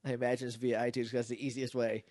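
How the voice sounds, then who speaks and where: A man's voice: mid-range voice, level tone, racing, a little mellow, dry recording, studio quality. A man co-hosting a casual podcast, a little nasal and stuffed up, rambling and laughing often. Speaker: podcast co-host. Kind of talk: casual chat.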